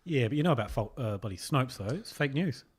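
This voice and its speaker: A man co-hosting a podcast, firing quick, teasing questions in casual chat. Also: medium pitch, expressive, breathy edge. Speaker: podcast co-host.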